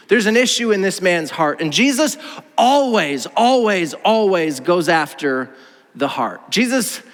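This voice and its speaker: Lively male pastor, bright forward tone, preaching playfully, long reverb from the church hall. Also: high-pitched. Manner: animated, playful, acts out voices. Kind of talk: sermon. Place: church auditorium.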